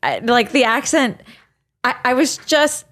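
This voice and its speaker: A woman co-hosting a podcast in casual chat, animated and rambling, often restarting her sentences. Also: high-pitched, unhurried. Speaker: podcast co-host.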